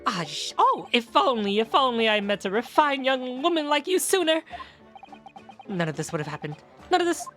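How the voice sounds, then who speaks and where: A man voicing a frantic, self-pitying older male professor with a high, fretful delivery. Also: big pitch swings, moderate pace, bright, forceful tone, faint music behind, heavily acted. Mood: distraught. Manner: high-pitched, fretful, exclamatory.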